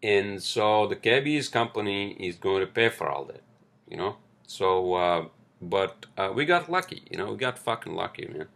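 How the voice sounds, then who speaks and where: A man's voice: lowish voice, lively intonation, moderate pace, vocal fry, a bit bright. A New man hosting a casual solo podcast, rambling with lots of fillers, frequent swearing and "right?" tags. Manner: rambling, swears often, many fillers and tag questions. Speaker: podcast host.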